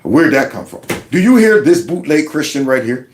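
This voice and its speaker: A man hosting casual political commentary, talking in an animated, mocking way and laughing often. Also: fairly high pitch, normal speed, a little hiss or hum. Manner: quotes others in a mock voice. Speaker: commentary host.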